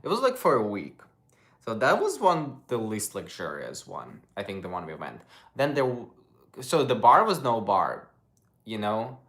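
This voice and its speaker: A man's voice: on the low side, huge pitch swings, normal speed, a bit bright. A young man casually chatting on a livestream, rambling and stopping to search for English words. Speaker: streamer.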